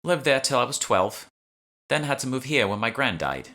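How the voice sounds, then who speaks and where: A man voicing a sarcastic young woman with a British accent who teases with quick quips. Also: mid-range voice, big pitch swings, bright, forceful tone, pitched above the performer's own voice. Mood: wry.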